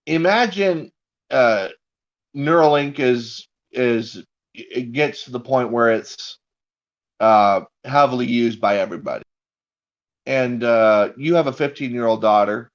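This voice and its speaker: A man's voice: medium pitch, a little slow, highs cut off. A man co-hosting a live stream, chatting casually in a rambling, profane way and spinning hypothetical scenarios. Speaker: stream co-host.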